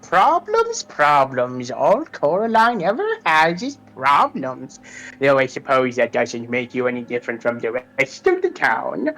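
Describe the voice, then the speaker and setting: A man voicing a sly old woman who brews potions, in a sing-song, drawn-out, mocking manner. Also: medium pitch, wildly swooping pitch, a bit bright, exaggerated voice, poor audio. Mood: mock sweet.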